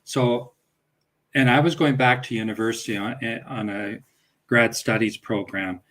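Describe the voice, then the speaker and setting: A middle-aged man speaks in a calm, reflective way on a talk show. His voice sits at an ordinary male pitch, and he explains his thoughts plainly and steadily. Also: unhurried, poor audio. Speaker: guest, family coach. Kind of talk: casual talk-show conversation.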